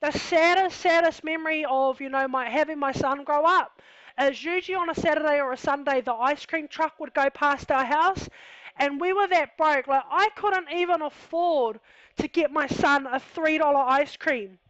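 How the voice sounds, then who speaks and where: A woman with a New Zealand accent tells her own story in a high, candid voice, leaning on "you know" and "like". The sound is dry and close, a little dull and lo-fi. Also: moderate pace, a bit bright, no echo. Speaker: vlogger telling her life story. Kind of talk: casual personal storytelling.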